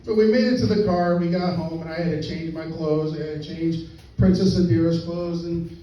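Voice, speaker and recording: An older man spins a folksy comic tale, chuckling as he talks, his voice sitting fairly high but mellow. He sounds far from the mic in a roomy, echoing space, on a dull, lo-fi recording with faint noise underneath. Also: steady tone, a little fast. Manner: folksy, chuckling while telling. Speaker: stand-up comedian. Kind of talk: storytelling stand-up. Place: live venue with audience.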